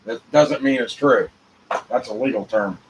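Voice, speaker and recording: A man hosting his own show alone, rambling in a free-associating monologue with rhyming wordplay, dropping to mutters and rising to loud outbursts. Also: mid-range voice, moderate pace, slight background noise, poor audio. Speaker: show host.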